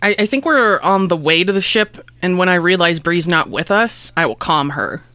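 Female player, low-ish bright voice, hesitant casual chat. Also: lively intonation, normal speed, no echo. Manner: hesitant, restarts. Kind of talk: casual tabletop play.

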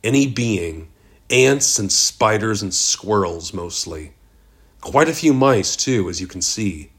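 A man's voice: on the low side, lively intonation, takes it slowly, husky, heavily acted. A man voicing a sinister male barkeep who kills for sport, speaking in a matter-of-fact, methodical way. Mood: calm menace.

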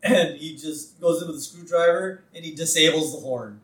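A man with a slightly high voice recaps a cartoon and keeps breaking into laughter. He sits back from the mic, so his voice comes across distant. The room adds an echo. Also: normal speed. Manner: laughs often, acts out lines with excitement. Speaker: podcast co-host. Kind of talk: casual chat recapping a cartoon episode. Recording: roomy, off-mic sound.

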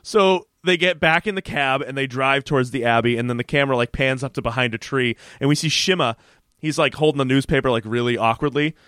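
Animated man recapping a TV episode. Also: medium pitch, a little fast, smooth, no echo, clean studio sound. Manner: animated retelling with quoted voices and laughs. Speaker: podcast co-host. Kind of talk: casual chat recapping a TV episode.

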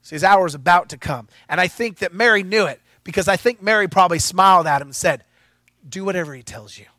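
A male pastor preaching a sermon in a playful, animated way, with asides to his congregation. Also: sits high, quick pace, dry recording.

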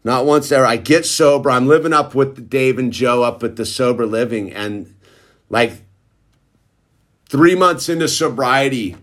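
A man's voice: medium pitch, unhurried. A middle-aged man casually telling a long personal story in laid-back slang, tossing in "dude" constantly. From Southern California. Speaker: recovery storyteller.

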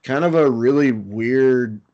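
A man's voice: medium pitch, slow, lo-fi sound. A man co-hosting a fantasy football podcast, casually moving between games and asking his partner questions. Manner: easygoing, leads segments with questions. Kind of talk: casual sports analysis chat.

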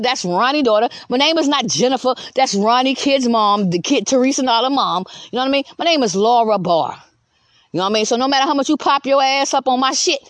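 Woman in her fifties, high voice, defiant profane voice-message rant, dry close sound. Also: no room sound. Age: 50s. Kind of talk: ranting voice message.

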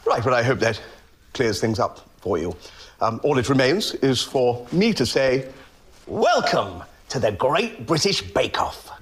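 A man's voice: mid-range voice, sing-song, unhurried, breathy edge, voice pushed down. A man playing a bumbling prime minister giving a stammering, blustering televised address in a comedy sketch. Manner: stammering, blustering, repeating words. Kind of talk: played clip of a comedy sketch.

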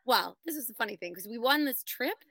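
A woman's voice: on the high side, expressive, a little fast, fairly bright tone, no room sound. A young adult woman voice actor chatting casually on a panel in a bubbly, laughing way. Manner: bubbly, laughing, self-described nerd. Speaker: voice actor guest.

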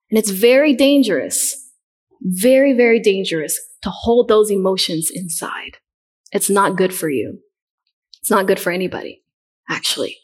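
A middle-aged woman preaches with earnest conviction. She keeps putting questions to her listeners and repeats her main points. Her voice sits fairly high. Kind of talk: sermon.

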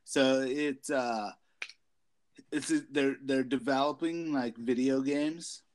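A man's voice: mid-range voice, slow, slight background noise. Giggly, foul-mouthed male podcast host. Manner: heavy swearing, giggly animated storytelling. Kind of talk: casual chat.

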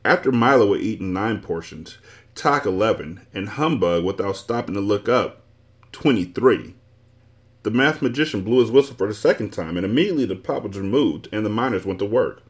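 Male storybook narrator, low voice, animated reading. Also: fairly quick. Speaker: podcast host reading aloud.

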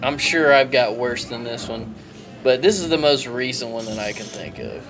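A man's voice: mid-range voice, animated, normal speed, over music. A young man co-hosting a casual podcast, telling a crude story with bursts of laughter. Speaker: podcast co-host.

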